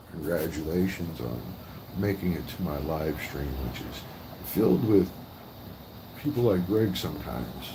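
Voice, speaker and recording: A man's voice: low voice, background noise. A man livestreaming, taunting and mocking people in a profane, trash-talking rant.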